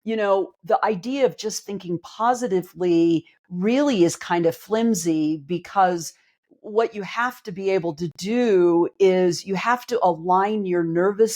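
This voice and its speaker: Lower-voiced woman psychologist explaining earnestly. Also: unhurried, darkish tone. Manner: earnest, explanatory, emphatic, uses everyday examples. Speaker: clinical psychologist and life coach. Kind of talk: casual podcast conversation.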